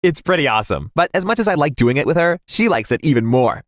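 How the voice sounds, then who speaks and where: A man narrating a scripted first-person story in a dramatic, animated way. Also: a little high, quick pace, no room sound, clean studio sound.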